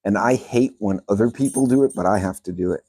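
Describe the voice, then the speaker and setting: A man on a laid-back livestream, his low voice dark and mellow. He rambles along between dog commands and greetings to the chat. The sound is dry and close, with almost no room around it. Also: fast talker, dry recording. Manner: chatty, talks to his dogs and reads out chat names. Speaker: channel host. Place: yard of a rental house, outdoors. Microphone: phone on speaker.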